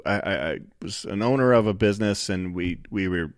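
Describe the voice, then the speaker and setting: Man in his forties, podcast guest, lower voice, lots of restarts and stammers, dry close sound. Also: brisk, no echo. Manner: stammering, animated storyteller. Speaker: podcast guest, donut shop owner. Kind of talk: casual chat.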